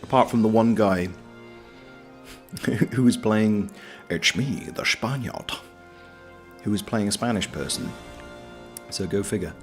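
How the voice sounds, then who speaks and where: A man's voice: lowish voice, a little slow, pauses often, darkish tone, faint music behind. A British man streaming, chatting casually and reading out viewer comments in a joking, self-deprecating, rambling way. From Britain.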